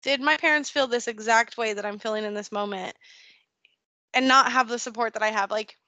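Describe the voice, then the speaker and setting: Bright-voiced emotional woman guest. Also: fairly high pitch, fairly quick, dry recording. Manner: earnest, openly emotional. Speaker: podcast guest. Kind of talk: candid personal conversation.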